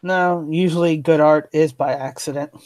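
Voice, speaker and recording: A man's voice: fairly high pitch, fairly even intonation, normal speed, darkish tone. A talkative man in a casual chat who argues his points at length. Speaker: co-host.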